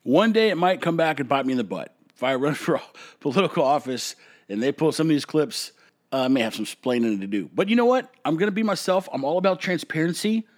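A man's voice: fairly high pitch, fairly quick. Blunt, opinionated man hosting a podcast. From United States. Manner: blunt, opinionated, swings between calm and heated. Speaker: podcast host. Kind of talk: solo opinion podcast rant.

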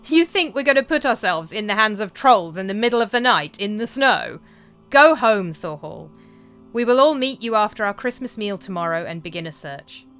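A woman voicing a blunt, scornful male neighbour who exclaims loudly. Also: medium pitch, lively intonation, moderate pace, clear, resonant tone, soft background music.

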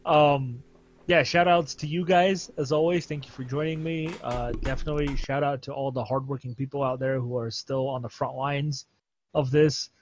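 Male podcast host, husky, excitable, slangy; muffled lo-fi sound. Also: medium pitch, measured pace, pauses often. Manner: laughs often, excitable slang. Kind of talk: casual podcast chat.

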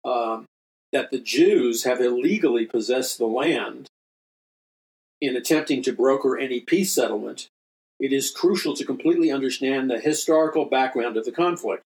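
A man of middle pitch reads from his own book on a radio ministry show and breaks off often to comment. He talks earnestly and with emphasis, stumbling and repeating words as he goes. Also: normal speed, a little mellow, low-quality recording. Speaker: prophecy minister and radio host.

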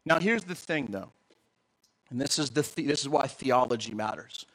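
A man, a pastor, preaching a sermon in an animated, joking way and often asking the audience questions. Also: mid-range voice, moderate pace, rough recording.

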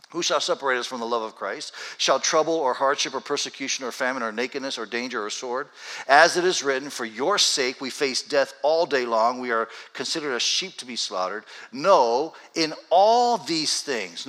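A man preaching a sermon in a church, talking conversationally and slowing down deliberately for scripture readings. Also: medium pitch, bright, forceful tone, low-quality recording. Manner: conversational, builds to urgent raised passages; reads scripture slowly and deliberately. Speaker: pastor. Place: church sanctuary with congregation.

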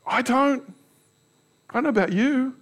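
The preacher, a man with an extremely high-pitched voice, takes an unhurried pace. His sermon is candid and self-mocking, built around personal stories and rhetorical questions directed at his listeners.

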